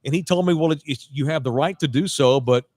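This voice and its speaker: A man's voice: fairly high pitch, fast talker, dry recording. Man telling a story, dry studio sound. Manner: animated storyteller quoting others, frequent restarts. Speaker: podcast host. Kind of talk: casual storytelling chat.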